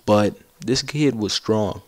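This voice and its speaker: A teenage boy doing casual gaming commentary, rambling through a story and getting loud and excited as he laughs at it. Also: fairly low pitch, slow, no room sound, studio quality. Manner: rambling, gets loud and excited while laughing at his own stories. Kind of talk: casual storytelling over gameplay.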